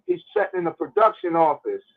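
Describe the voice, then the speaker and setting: Animated male caller on a phone line. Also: fairly high pitch, fast, vocal fry. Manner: animated, stumbles and repeats words. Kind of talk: call-in radio commentary.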